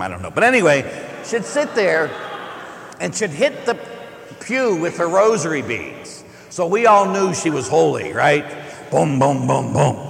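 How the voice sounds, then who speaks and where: A man delivers a chatty homily as a Catholic priest, his voice sitting a little high and swinging widely in pitch. He tells stories with humor and acts out the people in them. The sound rings through a large church with a long, echoing tail. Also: gravelly, slight background noise. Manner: animated, joking storyteller who acts out quoted people. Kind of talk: conversational homily. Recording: echoey church with long reverb.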